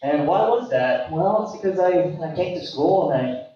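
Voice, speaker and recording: A man's voice: a little high, expressive, normal speed, a crowd in the background. A man from Maui speaking hesitantly to a gathering, with lots of ums and uhs. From Maui, Hawaii. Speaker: guest speaker. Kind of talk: casual speech to a gathering. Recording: echoey room, distant mic, dull sound.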